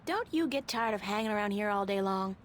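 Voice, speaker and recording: An actress playing a curious young heroine in a video game, asking wry, teasing questions. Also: female voice, mid-range voice, lively intonation, a little fast, slight background noise, close to an everyday voice. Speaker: game character.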